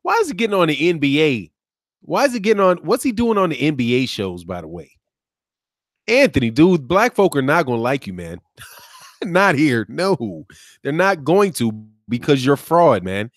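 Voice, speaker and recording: A man's voice: fairly high pitch, moderate pace, dry recording, clean studio sound. Laughing Midwest man riffing on boxing. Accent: Midwest American. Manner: animated, laughing, mocking, drops slang like "man" and "dog". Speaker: boxing channel host. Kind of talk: live-stream commentary reading chat.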